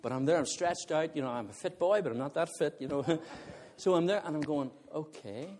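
Speaking fairly quickly in a somewhat high voice, a male guest preacher shares a humorous personal story from the pulpit, animated and frequently laughing with the congregation.

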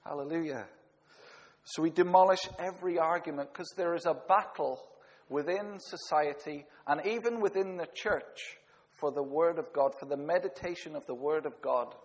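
A male preacher delivers an earnest sermon in a fairly high voice, now and then stumbling and correcting himself. His words ring out with a long reverb, as in a large hall. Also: moderate pace. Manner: earnest, with small slips and self-corrections.

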